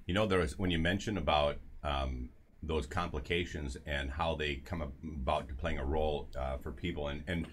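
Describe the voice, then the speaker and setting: A man's voice: extremely low pitch, moderate pace, slight background noise. A man hosting a casual health talk show, telling a story with lots of asides and restarts. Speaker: show host.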